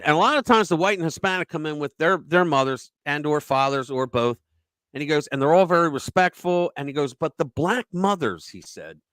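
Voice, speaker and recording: A man's voice: fairly high pitch, a bit bright, no room sound. A man hosting a casual political talk show, retelling a story in a rambling way with restarts and fillers. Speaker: host.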